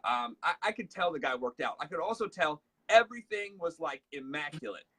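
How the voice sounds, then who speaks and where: A man's voice: on the high side, animated, a little fast, bright, forceful tone, slight background noise. A man, hosting a casual leadership talk and telling a story in a chatty way, acting out bits of dialogue. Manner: chatty storyteller, acts out dialogue, many fillers. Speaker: host.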